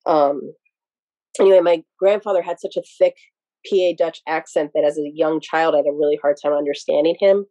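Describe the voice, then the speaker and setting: A woman's voice: deep voice, steady tone, brisk, warm tone, dry recording, lo-fi sound. A woman from Pennsylvania, a podcast guest, telling casual stories in a rambling, digressive way with many restarts. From Pennsylvania, USA. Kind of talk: casual interview storytelling.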